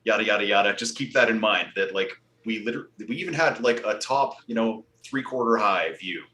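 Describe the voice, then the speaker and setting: A man's voice: on the low side, a little fast, bright, forceful tone. A man co-hosting a casual sports podcast, blunt and matter-of-fact. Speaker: podcast co-host.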